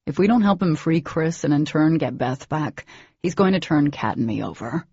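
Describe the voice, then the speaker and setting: A woman's voice: low-pitched, normal speed, darkish tone, husky, no echo. A woman voicing a stern, protective young man who speaks firmly. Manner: firm, commanding. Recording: dull lo-fi recording.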